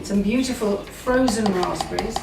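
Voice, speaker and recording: A woman's voice: mid-range voice, normal speed, creaky, a little mellow, soft background music. A woman hosting a cooking show, chatting enthusiastically as she talks through each step in her home kitchen. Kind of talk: casual cooking demonstration. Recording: roomy kitchen, mic at a distance.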